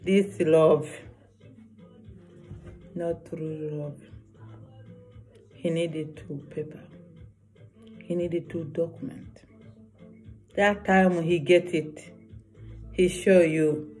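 Slow, earnest woman vlogger. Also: deep voice, fairly even intonation, dark tone, soft background music. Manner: earnest, repetitive, broken English. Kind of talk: personal warning vlog.

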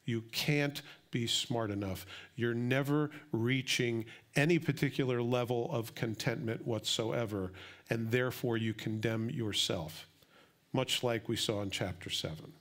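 Preaching in an unhurried, mid-range voice, a middle-aged man serving as pastor drops to quiet, personal remarks before rising into loud, excited bursts of emphasis.

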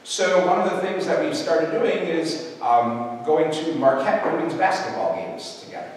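Older priest preaching in an echoey church. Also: male voice, a little high, lively intonation, a little slow. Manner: storytelling, warm anecdotal with restarts. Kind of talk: sermon. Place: large church. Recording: echoey church hall from a distance.

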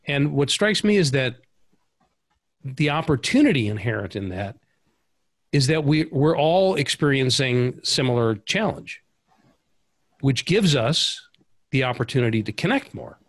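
A man's voice: medium pitch, big pitch swings, a little slow, long pauses, no room sound. A man hosting an interview, reflecting aloud in searching phrases. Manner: thoughtful, searching phrasing with restarts. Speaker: interview host. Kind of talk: conversational interview over video call.

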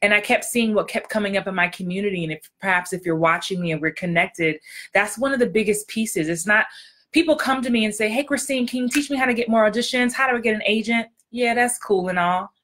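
A woman acting coach talking to viewers in a casual livestream, excitable and upbeat. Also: mid-range voice, quick pace.

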